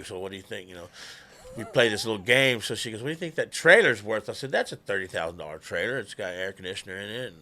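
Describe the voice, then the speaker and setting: Chatty man with a bright voice. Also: on the low side. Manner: chatty, laughing, drawling storyteller. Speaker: guest musician. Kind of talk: casual storytelling.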